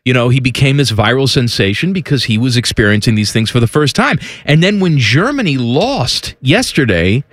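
A man's voice: medium pitch, sing-song, normal speed, hardly any pauses, a bit bright, dry recording. A man co-hosting a radio show, chatting in a playful, joking way. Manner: playful, jokey, slips into silly impressions. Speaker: radio co-host; father. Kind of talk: casual radio banter.

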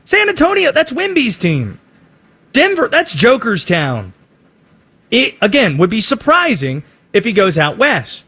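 A man's voice: sits high, huge pitch swings, unhurried, bright, forceful tone, breathy edge. A man giving emphatic, opinionated sports commentary.

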